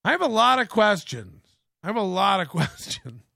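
A man's voice: high voice, big pitch swings, moderate pace, gravelly, sharp tone, no room sound, studio quality. A man hosting a comedic commentary show, ranting sarcastically with profane rhetorical questions and laughter. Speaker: host. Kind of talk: casual comedic commentary rant.

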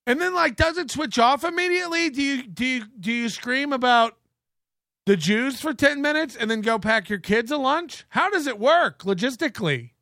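A sarcastic male host rants slowly through comic commentary, piling up profane rhetorical questions and laughing at his own jokes. His voice sits high and bright with a gravelly fry. The recording is dry and close. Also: animated, no echo. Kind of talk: casual comedic commentary rant.

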